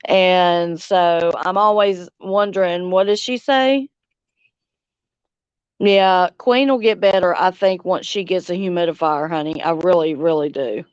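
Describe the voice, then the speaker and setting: A middle-aged woman from Louisiana with a Southern accent, chatting casually on a livestream and reading comments, slow and drawling, laughing often. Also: on the low side, steady tone, clear, resonant tone, no echo, dull audio. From Louisiana, United States. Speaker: livestream host. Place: outdoors on a front porch swing.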